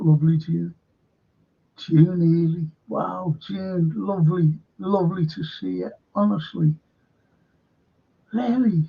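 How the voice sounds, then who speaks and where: An older man chats on his livestream in a slow, gravelly, husky voice, looping back over his words. The sound is dull and lo-fi. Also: sits high. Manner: rambling, repeats himself, many fillers. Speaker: livestream host reading chat. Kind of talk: casual livestream chat. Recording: dull lo-fi stream audio.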